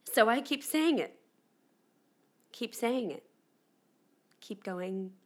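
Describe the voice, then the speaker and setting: Here an audio drama actress plays a young female pop star in her twenties who is candid and rattled. Speaking slowly in an animated, higher-pitched voice, she rambles chattily through a dramatic monologue packed with "like" fillers.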